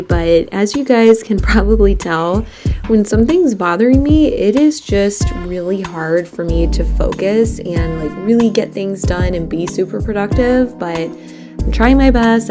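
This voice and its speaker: Chatty young woman vlogger, earnest. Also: mid-range voice. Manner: chatty, heavy use of "like" fillers; earnest and upset, close to tears. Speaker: small business owner and artist. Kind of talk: casual vlog talk to camera.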